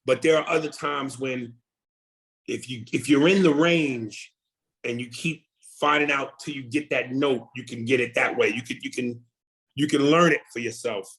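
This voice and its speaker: A comedian guest talking casually in an interview, animated and often repeating words while he thinks. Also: medium pitch, normal speed, low-quality recording.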